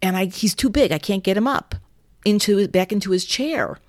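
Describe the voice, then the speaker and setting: A woman's voice: medium pitch, moderate pace, no echo, clean studio sound, voice pushed up, lightly acted. A woman quoting a pleading little boy. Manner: pleading, tearful retelling. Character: frightened little boy, apologetic.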